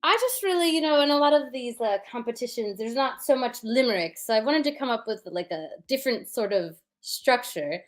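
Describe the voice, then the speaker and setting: A woman's voice: on the high side, lively intonation, brisk, hardly any pauses. A woman performing puns as a guest, chatting casually about how she writes them, with many fillers. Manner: chatty, many fillers, explains with rhythm sounds. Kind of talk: casual chat.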